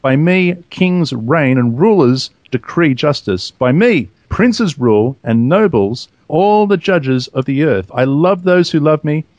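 A man hosting a religious podcast, reading scripture aloud in a steady, measured way. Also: a little high, no room sound, highs cut off. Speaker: host.

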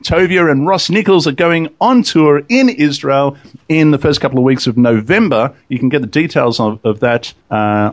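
A man hosting a podcast in casual, chatty talk, often laughing. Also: medium pitch. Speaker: podcast host.

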